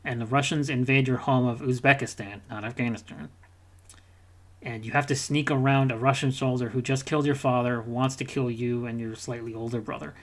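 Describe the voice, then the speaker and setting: A man's voice: medium pitch, fairly even intonation. Rambling, profane male podcast host. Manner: rambling, profane, mimics characters in quick asides. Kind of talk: casual gaming podcast chat.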